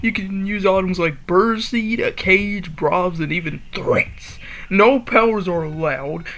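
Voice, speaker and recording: A woman voicing a stern challenge host who lays out the rules in a flat, businesslike way. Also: mid-range voice, slow, low-quality recording.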